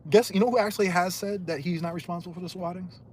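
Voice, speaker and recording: A man ranting angrily on a livestream, hurling insults and swinging between loud outbursts and muttered asides. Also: high-pitched, quick pace, husky. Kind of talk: heated livestream rant.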